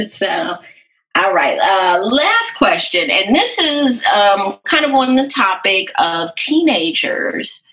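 Give me a bright-sounding woman host on a dull, lo-fi recording. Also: medium pitch, big pitch swings, extremely slow. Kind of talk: casual interview chat.

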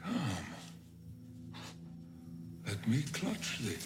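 An older English actor playing a brooding nobleman who sees a phantom dagger, reciting slowly with long pauses. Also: mid-range voice, huge pitch swings, full character voice. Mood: haunted. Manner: slow, measured, with long pauses. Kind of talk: classical stage recitation. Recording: recording with loud music behind.

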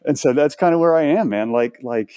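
A man in his forties from Houston, a guest telling animated stories in a casual interview, full of restarts and asides. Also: fairly high pitch, brisk, clean tone, no echo, studio quality. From Houston, Texas. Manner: animated, chatty, many restarts.

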